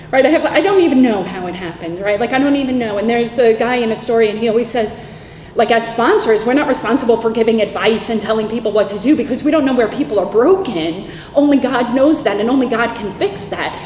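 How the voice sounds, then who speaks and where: A woman in her thirties with a New York accent, telling her personal recovery story candidly at a convention, in animated talk full of "like" and "right?". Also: on the high side, slight background noise. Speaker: recovery meeting speaker. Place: convention hall. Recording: echoey hall with faint ambience.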